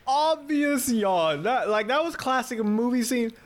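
A man's voice: very high-pitched, animated, a little slow. A young man co-hosting a casual chat, teasing and laid-back. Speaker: podcast co-host.

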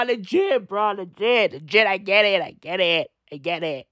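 Man, comedic rant, heavy profanity, rambling repetition, very lively pitch, dry. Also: normal speed, no room sound. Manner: rambling, heavy swearing, repeats phrases. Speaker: vlogger.

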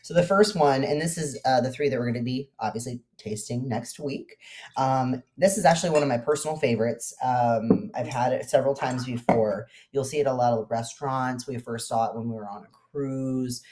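A woman's voice: extremely low pitch, a little fast, darkish tone, a little hiss or hum. A woman co-hosting a podcast in casual chat, chatty and giggly, with lots of fillers. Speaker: podcast co-host.

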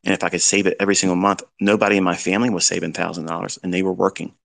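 A man's voice: deep voice, level tone, racing, creaky, fairly bright tone. A middle-aged man lecturing as a trading mentor, giving blunt fatherly advice with rhetorical questions. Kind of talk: lecture-style talk.

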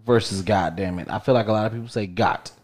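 A man's voice: on the low side, fast talker, a little mellow. A man co-hosting a podcast, teasing his friends and repeating points as he steers the talk. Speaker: podcast co-host. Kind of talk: casual podcast banter.

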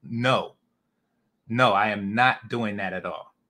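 A man's voice: fairly low pitch, slow, bright, forceful tone. A man from California hosting a casual livestream, ranting bluntly with lots of profanity and rambling asides. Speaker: host.

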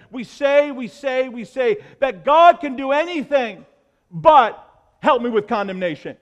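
Male pastor, high voice, impassioned sermon delivery, long hall echo. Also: lo-fi sound. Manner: impassioned preaching, swinging between loud and hushed.

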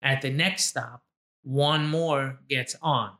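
A man's voice: mid-range voice, takes it slowly, sharp tone. A man running a casual trivia quiz with a friend, playful and teasing, laughing often. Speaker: trivia quizmaster. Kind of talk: casual chat.

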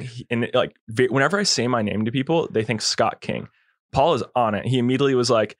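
A man's voice: mid-range voice, fairly even intonation, brisk, no echo, studio quality. A young man, a podcast guest, telling a long story in a laid-back, slangy way and acting out quotes. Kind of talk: casual storytelling.

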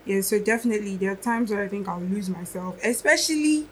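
A young woman talks through her thoughts on a podcast, musing and reflective as she weighs each point. Her voice sits at a middle pitch for a woman, and her delivery stays casual and conversational. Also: fast, slight background noise, low-quality recording. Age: young adult. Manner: reflective, musing, thinks aloud. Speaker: guest musician.

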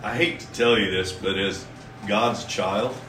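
A man preaching a sermon as pastor, folksy and conversational, reading scripture slowly and with emphasis. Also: fairly low pitch, fairly bright tone, faint music behind. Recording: echoey room from a distance.

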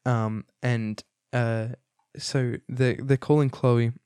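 A young man rambles through a casual film review, amused and loose, with plenty of fillers and false starts. His voice sits at an ordinary middle pitch. The sound is close and dry, with no room around it. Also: steady tone, slow, a little mellow, clear, resonant tone, no echo. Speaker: movie reviewer.

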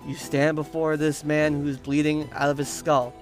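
Casual male game master, slightly high voice. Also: completely flat delivery, soft background music. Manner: casual, loose narration with quick jokes. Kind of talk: narrating a tabletop game.

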